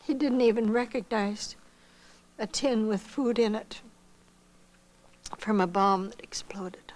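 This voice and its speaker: An older woman from Iowa giving a missionary testimony, telling her story with lively acted-out dialogue. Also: on the high side, takes it slowly, poor audio. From Iowa, United States. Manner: animated storyteller who acts out quoted dialogue.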